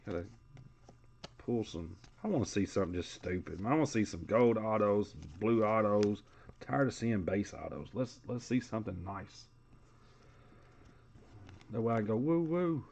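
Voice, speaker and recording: A man's voice: lowish voice, normal speed, gravelly, long pauses, darkish tone. A man hosting a live sports card break, calling out player names in a casual, chatty way.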